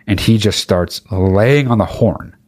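A young man telling a casual comic anecdote, rambling and full of profanity with deadpan asides. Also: fairly low pitch, unhurried, dry recording, clean studio sound. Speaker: storyteller.

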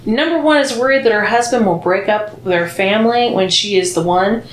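A woman's voice: medium pitch, a little fast. A woman co-hosting a podcast, chatting casually and reading listener comments aloud, blunt and profane, laughing often. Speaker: podcast co-host. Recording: echoey room with faint noise.

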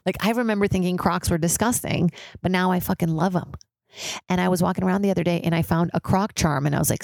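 A woman's voice: fast, vocal fry, a little mellow, dry recording. A young woman hosting a casual solo podcast, chatty and swearing, peppered with "like". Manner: mimics others in high squealing voices. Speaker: podcast host.

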